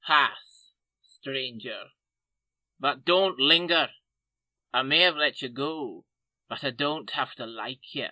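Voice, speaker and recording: A man's voice: mid-range voice, slow pace, sharp tone, no echo, poor audio. A man voicing a surly, stern guard in a fan audio drama, speaking in clipped commands. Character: gruff gatekeeping guard, surly.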